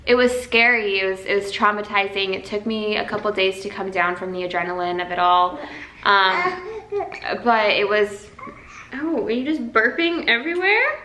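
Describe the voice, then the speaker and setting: A woman's voice: mid-range voice, steady tone, moderate pace, sharp tone, reverberant, a little hiss or hum, poor audio. A young woman vlogger telling her birth story in a heartfelt, chatty way, full of "like"s. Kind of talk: casual birth story vlog.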